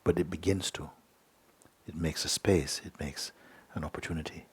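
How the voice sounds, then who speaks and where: A middle-aged man gives a gentle satsang talk in a low, deep voice. His tone is husky and a little rough. He speaks unhurriedly, keeps asking "you see?" and "hmm?", and now and then drops to a near-whisper. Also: fairly even intonation, moderate pace. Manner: drops to a soft whisper at times. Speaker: spiritual teacher. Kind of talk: satsang talk answering a letter.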